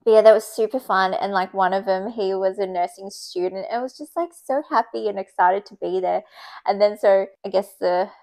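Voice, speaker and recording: A woman, chatting casually in a vlog, full of "like" and quick to laugh. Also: medium pitch, gravelly, a little mellow. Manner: chatty, filler-heavy with frequent "like"; laughs easily while telling stories. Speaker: vlogger.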